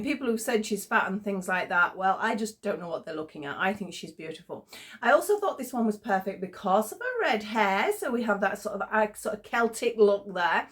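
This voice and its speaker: A middle-aged woman, a little hoarse, chatting enthusiastically through a crochet tutorial as the channel host. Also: mid-range voice, a bit bright. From United Kingdom. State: slightly hoarse.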